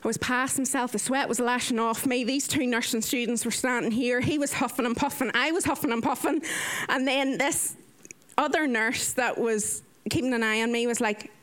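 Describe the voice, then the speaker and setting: A woman recounts her day as a nurse, her voice sitting a touch high. She tells it casually, acting out the lines she quotes from other people. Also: normal speed. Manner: lively, animated retelling with acted-out quotes. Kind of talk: casual storytelling.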